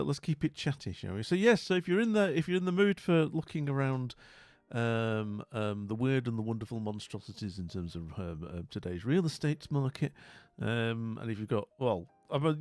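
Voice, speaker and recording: A man's voice: mid-range voice, creaky, darkish tone, dry recording. A man hosting a live stream, chatting casually and rambling with lots of fillers.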